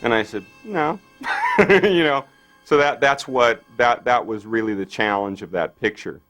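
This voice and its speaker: A man recounts an old story in an interview, stumbling through fillers and acting out the lines of others. His voice sits fairly low. Faint music plays beneath him. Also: moderate pace, fairly bright tone. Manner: rambling, acts out quotes, many fillers. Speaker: special effects artist. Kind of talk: interview anecdote.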